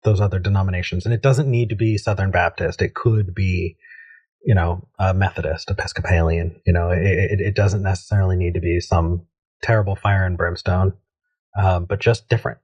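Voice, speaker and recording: A man's voice: low-pitched, fairly even intonation, fairly quick, darkish tone, husky, highs cut off. A man hosting a call-in show, giving easygoing advice and thinking aloud with frequent restarts.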